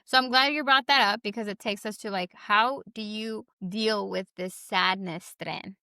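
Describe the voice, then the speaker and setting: A woman in her thirties co-hosting a podcast, energetic and expressive, swearing freely in casual chat. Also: mid-range voice, normal speed, smooth, no room sound, clean studio sound. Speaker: podcast co-host.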